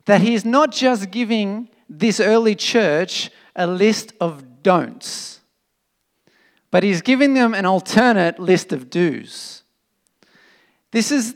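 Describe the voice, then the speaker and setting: Gravelly-voiced preacher man in a hall. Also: high voice. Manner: animated, emphatic, conversational preaching with fillers. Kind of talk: sermon. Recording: long reverb of a hall.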